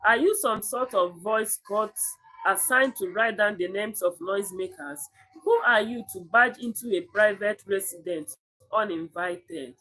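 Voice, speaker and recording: Give me a defiant young man, as a woman reads him, slow and deliberate in a read-aloud story. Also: mid-range voice, bright, forceful tone, low-quality recording. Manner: slow, deliberate reading of the lines.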